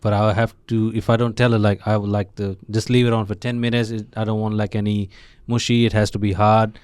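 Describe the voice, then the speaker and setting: A man from India with a lowish voice, telling stories from home life in a podcast chat. He gets emphatic and curses freely as he warms up. The sound is dry and close. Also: fairly quick, clear, resonant tone, no echo. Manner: emphatic, swears when animated. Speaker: podcast guest. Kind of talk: casual conversation.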